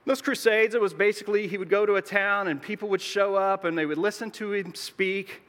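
Bright-voiced man preaching in a reverberant hall. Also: high voice, steady tone, brisk. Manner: conversational, explanatory, with joking asides. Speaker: pastor. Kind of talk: sermon. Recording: long reverb of a large hall.

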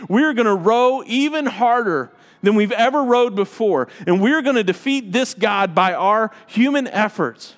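A man with a high voice preaches a sermon, driving his points home with emphatic repetition. His voice rings out with a long reverb, as in a large hall. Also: lively intonation, measured pace, few pauses. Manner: emphatic, repeats phrases for effect. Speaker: pastor.

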